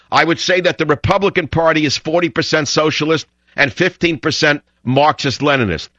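An older man hosting a political talk radio show, ranting combatively and rising to shouts. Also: medium pitch, no echo. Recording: dull lo-fi broadcast sound.

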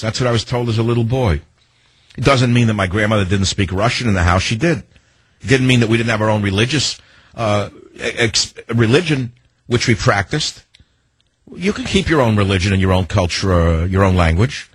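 Husky man ranting on talk radio. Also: mid-range voice, expressive, normal speed, a bit bright, no echo. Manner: combative and ranting, with rhetorical questions.

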